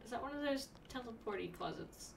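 A young woman streaming a video game, chatting excitedly to herself and breaking into sudden squeals. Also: on the high side, a little fast, vocal fry, far from the mic, noisy background. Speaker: let's play streamer. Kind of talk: casual gameplay commentary.

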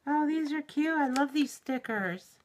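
Slow, gushing middle-aged woman. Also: high voice, animated. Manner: gushing and giggly, exclaims often. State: shaky with excitement. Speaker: YouTube reviewer. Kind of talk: unboxing vlog. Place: at home.

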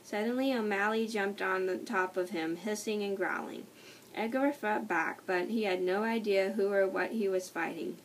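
A woman reading a children's book aloud, slowly and carefully, often stumbling and restarting words. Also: mid-range voice. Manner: slow, careful reading with frequent slips and restarts. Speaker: storybook reader. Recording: distant mic with faint noise.

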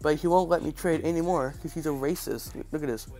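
A man's voice: a little high, a little fast, darkish tone, soft background music. A man with a stuffy, congested nose giving casual, joking and sarcastic game commentary. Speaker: gaming channel host.

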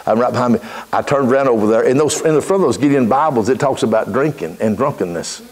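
A middle-aged man preaching a folksy storytelling sermon in church, building from easy anecdote into shouted fervor. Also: mid-range voice, fast. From Texas.

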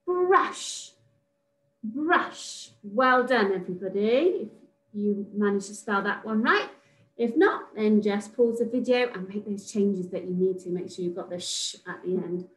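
Slow sing-song woman teacher. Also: mid-range voice, poor audio. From England. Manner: slow, sing-song, sounds out letters and praises. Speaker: reception class teacher. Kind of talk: recorded phonics lesson for young children.

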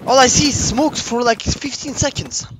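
A young man, a pro gamer, teasing his teammates and calling plays in a playful, rapid-fire way. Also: very high voice, fairly even intonation, a crowd in the background. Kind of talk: excited team chat in a shooter game. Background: loud game music and gunfire.

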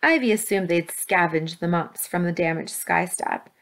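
A woman teacher reading a children's novel aloud with steady, expressive storytelling. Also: lowish voice, moderate pace, gravelly. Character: brave young girl heroine. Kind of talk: children's book read-aloud.

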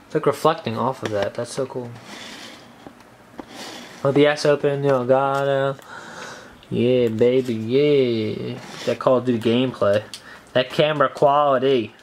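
A teenage boy vlogging casually in his bedroom, excited and slangy, saying "like" a lot. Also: mid-range voice, a little slow, pauses often, slight background noise. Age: teens. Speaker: YouTube vlogger and streamer. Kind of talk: casual vlog chat. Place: bedroom with a streaming setup, indoors.

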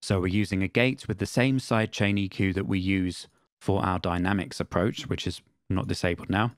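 A man teaching music production in a screen-recorded software tutorial, explaining in a plain, matter-of-fact way. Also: deep voice, steady tone, moderate pace, no room sound, clean studio sound.

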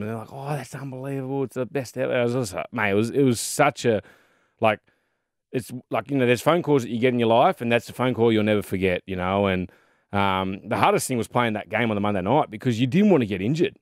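On the low side and fairly quick, the voice belongs to an Australian man in his thirties who played rugby league and now co-hosts a podcast. He's an animated storyteller, full of fillers and "mate," chatting casually about league. The studio sound is clean, without echo.

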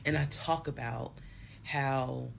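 A woman with hiccups calmly telling the story of her marriage in a measured, steady way, with pauses and fillers. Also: rumbling low, creaky, a little hiss or hum. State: has the hiccups. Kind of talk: storytelling monologue.

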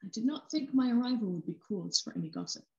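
A woman author voicing a formal, composed young male heir who speaks in measured, precise sentences. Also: mid-range voice, lively intonation, creaky, highs cut off. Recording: roomy echo.

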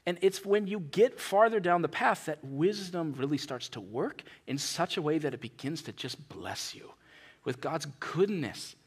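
A middle-aged man preaching a sermon in a church, conversational and animated, acting out little scenes. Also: a little high, normal speed, slightly rough. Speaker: pastor.

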